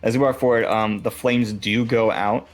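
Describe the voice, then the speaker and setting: A man's voice: on the low side, steady tone, normal speed. A young man narrating as game master in a casual, swearing, filler-laden way.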